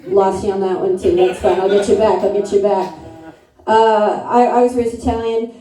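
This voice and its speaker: A woman's voice: mid-range voice, flat delivery, normal speed, dark tone. A woman in her thirties from upstate New York doing a brash, crude, self-mocking stand-up set in a comedy club. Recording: echoey room, mic from a distance.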